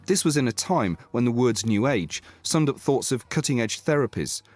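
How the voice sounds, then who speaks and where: A man's voice: medium pitch, animated, moderate pace, a little mellow, dry recording, soft background music. An English man narrating his own story in a dry, self-deprecating, scripted way. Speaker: host and narrator.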